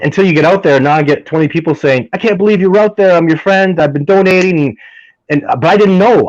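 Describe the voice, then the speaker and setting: A Canadian man, a guest in a casual chat, talking excitedly and restarting his words often. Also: fairly high pitch, no room sound, muffled recording.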